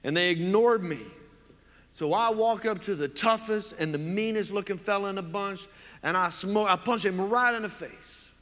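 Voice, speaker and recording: A man putting on a loud, swaggering Cajun braggart. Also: high voice, moderate pace, big-room sound, voice pushed up. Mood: boastful. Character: brash Cajun man boasting of a brawl.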